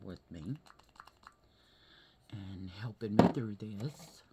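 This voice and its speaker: A woman talking through a hard day in a vlog, teary and halting, often asking "okay?" and sometimes dropping to a whisper. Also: extremely low pitch, darkish tone, a little hiss or hum. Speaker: vlogger. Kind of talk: emotional personal vlog.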